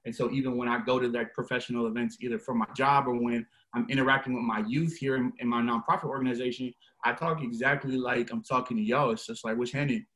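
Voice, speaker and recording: A young man, a guest on a podcast, talking in a relaxed, slangy and emphatic way. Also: mid-range voice, quick pace, few pauses. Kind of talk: casual conversation.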